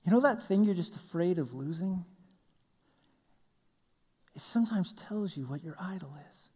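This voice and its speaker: A man preaching a sermon as a pastor. He tells stories with animation and swings between loud passages and hushed ones. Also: high voice, expressive, normal speed, slightly rough. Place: church hall. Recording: long hall reverb.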